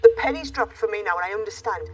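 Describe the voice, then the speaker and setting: A woman investor questioning a pitch briskly and giving a frank verdict. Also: expressive, darkish tone. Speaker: investor on a panel. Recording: distant mic with faint music.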